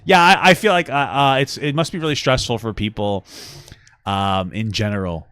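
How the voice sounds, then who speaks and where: A man co-hosting a podcast, ranting with a lot of swearing and swinging between low mutters and yelling. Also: moderate pace, clear, resonant tone, no room sound. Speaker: podcast co-host. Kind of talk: casual podcast chat.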